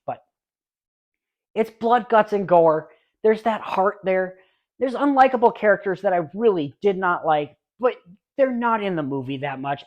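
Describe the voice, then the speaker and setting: An eager, high-pitched young man in his late twenties chats through a casual movie review vlog. He talks loosely and rambles, with frequent restarts, asides and gushing enthusiasm.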